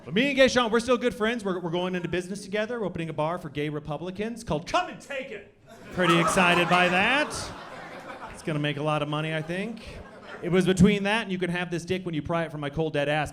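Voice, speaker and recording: A young man doing a stand-up comedy set, with deadpan delivery that breaks into loud shouted bits. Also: fairly high pitch, a little fast. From Colorado. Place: comedy club stage. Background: audience laughter.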